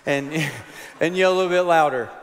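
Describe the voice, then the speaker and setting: A man's voice: on the high side, normal speed, slight background noise. Man preaching in a reverberant hall. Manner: folksy, humorous storytelling. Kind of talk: chapel sermon.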